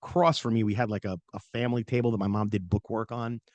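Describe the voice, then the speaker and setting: A man's voice: on the low side, fast talker, dry recording, highs cut off. A middle-aged man hosting a podcast, telling a personal story in a chatty, casual way with lots of fillers. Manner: animated, chatty, many fillers, acts out quoted voices. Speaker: podcast host.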